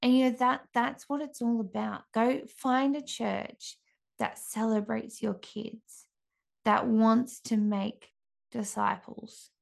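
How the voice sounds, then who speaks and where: A woman in her thirties, a mother, giving an earnest, gentle devotional talk with frequent restarts. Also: fairly high pitch, fairly even intonation, takes it slowly, vocal fry.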